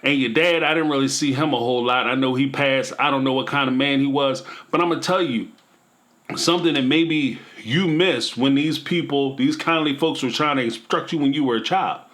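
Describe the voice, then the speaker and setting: A man's voice: medium pitch, brisk, fairly bright tone. A man hosting a commentary channel, talking emphatically and preachily in a casual vlog style, with playful asides.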